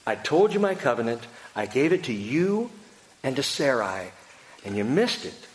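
God, firm and patient, as a preacher voices him, speaking low and measured with a reassuring weight. The words sit deep and carry through a reverberant hall with a faint hiss. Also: male voice, sing-song, close to an everyday voice. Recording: echoey hall with faint noise.

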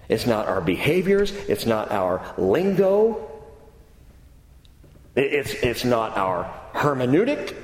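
A man preaching a sermon as pastor, animated, moving from soft low scripture quotes to excited high asides. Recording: echoey hall with long reverb.

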